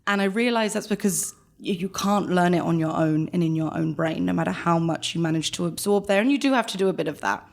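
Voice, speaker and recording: A woman with a London accent, a guest chatting casually in an interview, animated and quick to laugh. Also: lowish voice, gravelly. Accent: London English. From London, England. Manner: animated, laughs often, rapid bursts. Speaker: guest, chamber engagement director.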